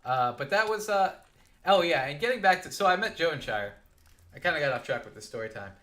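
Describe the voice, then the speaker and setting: A young adult man telling a rambling, animated story while playing a game on a live stream. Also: fairly high pitch, a little fast.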